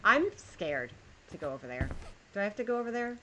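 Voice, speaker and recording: A woman's voice: medium pitch, very animated, fairly quick, fairly bright tone, a little hiss or hum, low-quality recording. A woman livestreaming, chatting with her viewers as she plays a game and reads a story aloud. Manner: chatty, talks to chat while playing. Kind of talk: live game commentary and storybook reading.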